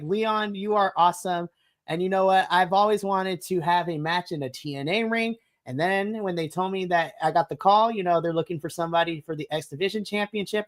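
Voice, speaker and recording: An excitable podcast co-host chatting casually about a show. Their voice sits at a middle pitch. They retell moments by acting out their own reactions in quotes. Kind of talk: casual wrestling review chat. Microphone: podcast mic.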